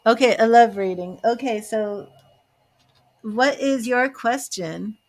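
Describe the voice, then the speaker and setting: A woman's voice: fairly high pitch, slight background noise. A woman giving live tarot readings, chatting to viewers, reading their questions and turning cards, emotional and chatty. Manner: slow, chatty, emotional, talks to viewers by name. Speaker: tarot reader and psychic.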